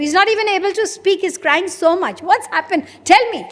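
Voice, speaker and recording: High-voiced woman preaching in a reverberant hall. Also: normal speed, hardly any pauses. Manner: questioning, acts out dialogues. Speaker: spiritual teacher. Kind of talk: sermon.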